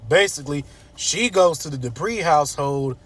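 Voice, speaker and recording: A man's voice: fairly high pitch, moderate pace. Chatty man recapping from his car. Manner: animated, chatty, slangy. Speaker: TV series reviewer. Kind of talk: casual recap. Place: inside a parked car at night.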